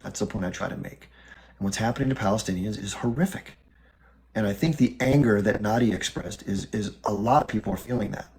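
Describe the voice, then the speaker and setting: Low-voiced earnest male stream host. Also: fairly quick, low-quality recording. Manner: earnest, reflective, argues calmly. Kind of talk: casual live-stream talk.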